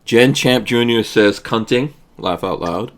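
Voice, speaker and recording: A man hosting a podcast in casual chat, reading out viewer comments in a relaxed, chuckling way. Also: medium pitch, measured pace. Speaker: podcast host.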